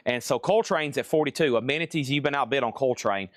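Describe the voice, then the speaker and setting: Male seller, live sale patter, brisk and chatty, mid-pitched, dry close sound. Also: no room sound. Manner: brisk, chatty, lists items and prices. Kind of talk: live auction and price calling.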